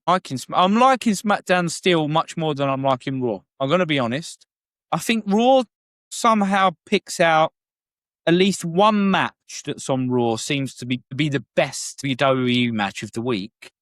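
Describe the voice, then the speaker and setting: A man chats loosely as a podcast co-host, laughing often and swearing without a second thought. His voice sits at an ordinary middle pitch. The sound is dry and close, with no room around it. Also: expressive, measured pace, a bit bright, dry recording. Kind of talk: casual chat.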